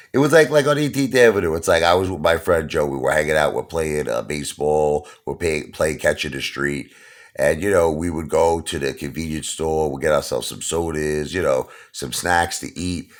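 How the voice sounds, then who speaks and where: Gravelly, very deep Brooklyn man. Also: animated, moderate pace. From Brooklyn, New York. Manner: tough-talking, repeats "you understand?" and "okay?". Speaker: channel host. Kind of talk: casual storytelling monologue.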